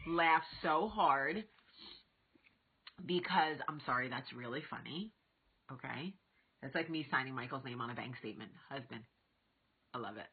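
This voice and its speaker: A woman in her thirties hosting a vlog, telling stories casually to camera and acting out quotes with big lively jumps. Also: sits low, fairly quick, pauses often, slight background noise. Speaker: vlog host. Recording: tinny phone-like audio.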